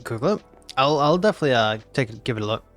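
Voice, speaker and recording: A man's voice: medium pitch, lively intonation, fast talker, fairly bright tone, soft background music. A nineteen-year-old man, chatting casually and teasingly as a game streamer reacting to his chat. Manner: playful and teasing, repeats himself.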